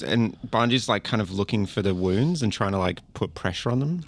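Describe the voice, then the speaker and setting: A man's voice: fairly low pitch, lively intonation, a little fast, no echo. A man playing in a tabletop role-play, narrating his character's actions. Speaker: player.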